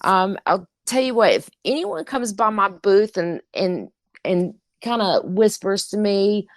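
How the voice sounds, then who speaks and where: A woman's voice: medium pitch, animated, a little slow, no room sound. A woman, co-hosting a casual podcast in a chatty, upbeat way with frequent ums. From Nashville, Tennessee. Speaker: podcast co-host. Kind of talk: casual chat.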